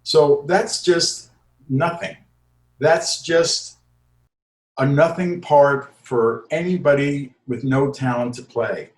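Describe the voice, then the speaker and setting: Older male comedy writer, talks shop and acts out bits; roomy sound. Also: a little high. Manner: acts out quick character voices in examples. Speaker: comedy writer and improv teacher. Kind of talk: interview answers.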